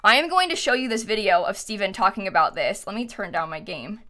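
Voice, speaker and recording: A woman's voice: medium pitch, lively intonation, sharp tone. A young woman live-streaming, chatting casually with lots of fillers and little laughs, reading out donations. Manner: quick, giggly, lots of fillers.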